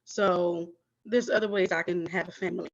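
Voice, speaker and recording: A woman's voice: fairly low pitch, steady tone, normal speed. A woman patient panelist candidly telling her personal story over a video call. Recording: slightly dull lo-fi call audio.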